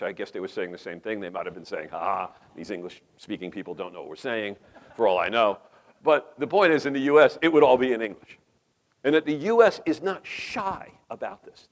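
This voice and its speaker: A middle-aged man with a New York accent giving a conference lecture, emphatic, with rambling asides and rhetorical questions. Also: fairly low pitch. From New York metropolitan area. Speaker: conference speaker. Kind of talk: lecture presentation. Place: conference hall.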